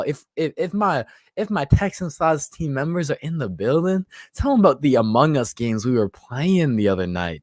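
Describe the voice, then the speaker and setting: A mid-range male voice belongs to a livestream host in his twenties who is a little tipsy, joking casually and reading viewer comments. The recording is dry and of studio quality.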